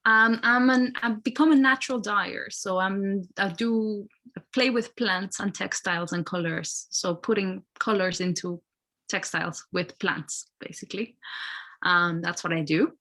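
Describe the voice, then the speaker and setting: On a video call, a guest artist from Mexico talks in a friendly, hesitant way during a casual interview. Her mid-range voice is bright and forceful, and she speaks unhurriedly.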